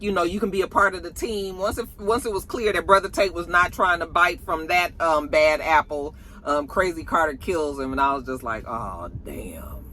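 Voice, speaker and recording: A woman's voice: on the low side, pushed and bright. A woman chatting through a TV episode recap in a sassy, gossipy way, calling listeners honey and child. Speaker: TV episode reviewer. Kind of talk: casual recap chat.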